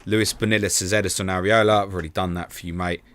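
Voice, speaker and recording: Deep-voiced casual stream host. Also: male voice, steady tone, fairly bright tone, no room sound. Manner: casual and quick, calls viewers mate, self-deprecating. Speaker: fantasy football stream host. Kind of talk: live stream Q&A, reading chat questions.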